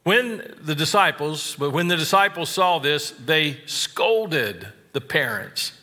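A man preaching a sermon, slow and deliberate, stressing key phrases and adding wry asides. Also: fairly high pitch, animated, pushed and bright, in a large hall. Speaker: pastor.

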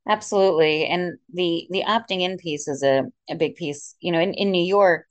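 A woman's voice: lowish voice, moderate pace, no room sound. A woman in her thirties from the Philadelphia suburbs, a rabbi chatting in an interview with frequent fillers. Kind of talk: conversational interview.

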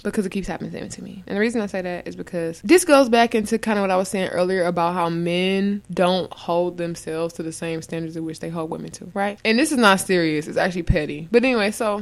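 A young adult woman hosting a podcast, telling stories in blunt, profane, animated casual chat. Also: lowish voice, quick pace, hardly any pauses. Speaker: podcast host.

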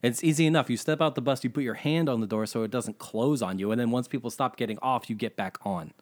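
A man in a casual chat, ranting wryly and asking quick questions. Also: mid-range voice.

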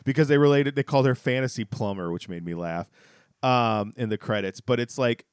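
A man's voice: medium pitch, expressive, fairly quick, smooth, dry recording, studio quality. A man co-hosting a podcast, chatting casually about a sitcom episode with rambling restarts and laughing asides. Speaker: podcast co-host. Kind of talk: casual chat recapping a sitcom.

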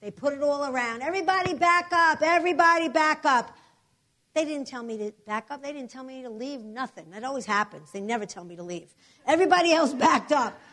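A middle-aged woman preacher telling a testimony in a sermon, animated and acting out the voices and prayers of the people in her story. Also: fairly high pitch, brisk.

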